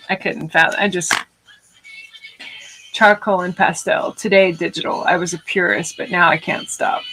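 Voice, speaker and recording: A woman's voice: mid-range voice, pushed and bright, rough recording. A woman artist chatting casually on a livestream while she works, rambling and swearing now and then. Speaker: artist streaming her work. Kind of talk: casual livestream chat while making art.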